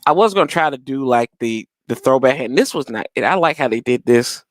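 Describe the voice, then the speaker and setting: Young male stream host, casual and excitable, lively delivery, dry close mic. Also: medium pitch, a little fast, dry recording. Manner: animated, laughs loudly, talks to chat. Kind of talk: casual live-stream watch party chat.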